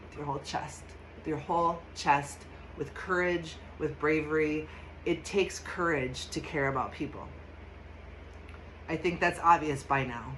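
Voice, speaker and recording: A woman's voice: low-pitched, slight background noise, rough recording. A woman hosting a casual tarot and astrology reading, chatty and emphatic, laughing often. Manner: chatty and emphatic, laughs often, bursts into loud mock shouts.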